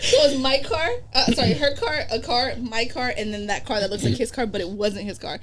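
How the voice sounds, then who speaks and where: A woman's voice: fairly high pitch, a little fast, fairly bright tone, a little hiss or hum. A young adult woman, a podcast guest, telling a story in casual chat, swearing freely and acting out the quoted dialogue. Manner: profane, acts out quoted dialogue. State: pregnant.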